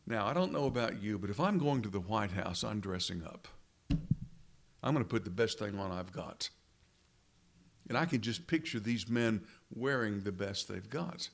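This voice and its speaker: A pastor giving a conversational sermon, asking his listeners rhetorical questions and slowing down to stress key words. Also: on the low side, expressive, gravelly.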